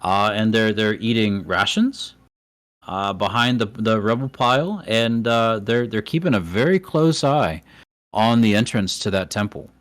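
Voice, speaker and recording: A man narrating a tabletop game as game master, halting and pausing often. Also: on the low side, a bit bright, no echo. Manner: halting, full of fillers.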